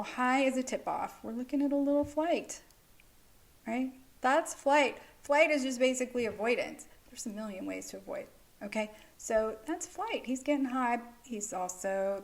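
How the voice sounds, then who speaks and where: A fairly high-voiced woman tells a story to the camera in a relaxed vlog style, animated and blunt. She swears freely and keeps checking in with her listener as she explains. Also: vocal fry. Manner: animated, frank, swears freely, peppers speech with "like" and "okay?".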